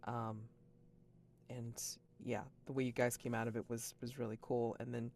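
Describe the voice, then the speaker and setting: A man chats loosely after a tabletop game session, piling on fillers as he circles his points. Now and then he bursts up into excited, high-pitched reactions before settling back down. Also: normal speed, vocal fry, a little hiss or hum. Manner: rambling, heavy with fillers and sudden excited outbursts. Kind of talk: casual post-session feedback.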